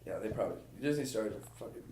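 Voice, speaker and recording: A man's voice: lowish voice, lively intonation, fast talker, mellow, slight background noise. Profane laid-back man in an echoey room. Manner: loose and profane, laughs easily. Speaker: podcast co-host. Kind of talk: casual chat.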